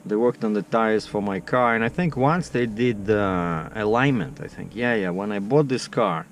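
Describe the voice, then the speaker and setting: Speaking at normal speed in a lowish voice, a man tells the camera a story while vlogging outdoors, chatting loosely with lots of fillers and performing the other people's parts of the conversation. Slight hiss or hum is audible.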